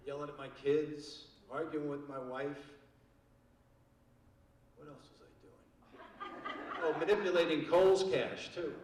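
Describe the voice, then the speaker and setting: A man's voice: a little high, fairly even intonation, a little slow, long pauses, background noise. An older man doing a stand-up comedy set on a theater stage, telling wry stories with crude punchlines. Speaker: stand-up comic. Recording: echoey theater from far off, loud audience.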